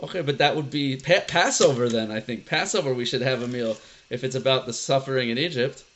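A man's voice: mid-range voice, fairly quick, a little hiss or hum. A man teaching a casual lesson who talks conversationally, quizzes his class and tells stories with animation. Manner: conversational, asks the class questions, animated storytelling.

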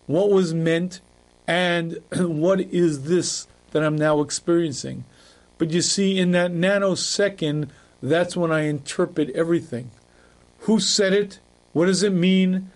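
A man, a rabbi, teaching a class in a lively lecturing manner, acting out little scenes and often clearing his throat. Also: fairly high pitch. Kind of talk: recorded Torah class.

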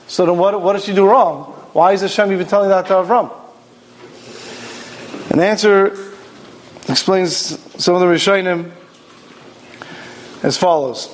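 Animated high-voiced male Torah teacher. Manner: animated storytelling, acts out quoted voices. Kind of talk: Torah class lecture.

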